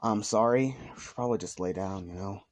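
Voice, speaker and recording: A man's voice: on the low side, fairly quick, darkish tone. A man casually retelling a fan story, rambling with lots of "like" and "let's just say," sometimes walking around as he talks.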